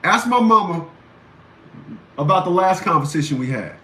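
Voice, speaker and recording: Blunt, forceful man ranting in a roomy echo. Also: sits high, animated, moderate pace. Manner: blunt, combative, repeats phrases for emphasis. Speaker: radio show host. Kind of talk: ranting commentary. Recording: roomy echo, faint background noise.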